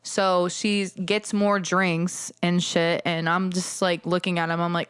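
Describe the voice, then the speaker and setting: A young adult woman hosting a podcast, casually telling a story about working as a bartender, animated and swearing as she acts out both sides of the exchange. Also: on the low side, unhurried, hardly any pauses, clear, resonant tone, dry recording. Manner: animated, acts out customers and herself in quoted dialogue, swears. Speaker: podcast host.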